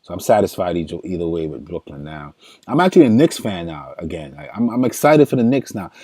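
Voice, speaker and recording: A man's voice: low voice, very animated, fast, dark tone, slightly rough, no room sound, studio quality. A man, casually streaming while building fantasy basketball lineups, thinking aloud in loose slang and chatting with viewers. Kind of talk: casual livestream chat.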